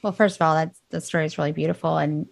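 Woman podcast host, conversational and emotional, slightly low gravelly voice. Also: steady tone, fast, no room sound. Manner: warm-hearted, openly emotional, conversational. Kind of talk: podcast interview.

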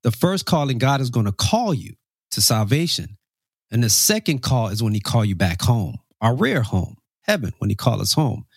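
A man's voice: mid-range voice, sing-song, normal speed, creaky, slightly rough, no echo, clean studio sound. A man hosting a faith podcast, earnest and preacherly as he questions his guest. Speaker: podcast host.

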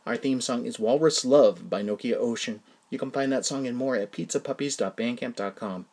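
A man, the podcast host, reading his own first-person story in a plain, even manner. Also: mid-range voice, fairly quick. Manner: plain, even storytelling, casual asides in the outro.

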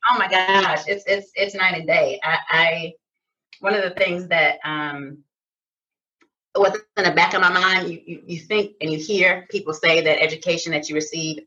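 A middle-aged woman from Detroit, a chiropractor, telling lively stories in a casual interview. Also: low voice, normal speed. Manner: animated storyteller, acts out quoted voices. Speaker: guest, chiropractor. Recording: distant lo-fi sound.

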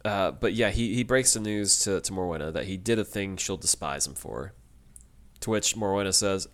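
A man co-hosting a podcast, calmly recapping an episode with a wry, easygoing manner. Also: low voice, moderate pace. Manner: easygoing, wry, retells plot with quoted lines. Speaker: podcast co-host. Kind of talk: casual recap chat.

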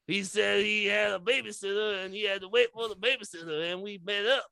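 A man's voice: sits high, steady tone, fairly quick, gravelly, sharp tone, clean tone, no room sound. A man reading a transcript aloud for comic effect, often laughing, on a close podcast mic. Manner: giggly, breaks into laughter. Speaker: comedy podcast co-host.

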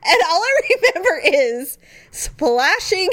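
High-voiced woman telling a story, laughing. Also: slow. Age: adult. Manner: animated, laughing, acts out quotes in high squeals. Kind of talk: casual storytelling chat.

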